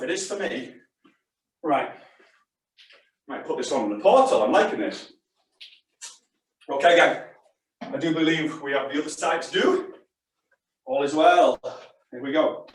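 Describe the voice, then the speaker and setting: High-voiced man coaching, very echoey room. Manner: chatty, encouraging, short exercise cues. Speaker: fitness instructor. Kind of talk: live fitness class coaching. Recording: very echoey room, distant mic.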